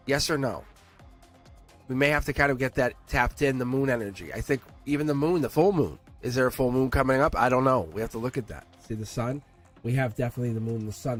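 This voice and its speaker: A man giving a livestream tarot reading, rambling and playful, chuckling often and talking straight to his chat. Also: medium pitch. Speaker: tarot reader.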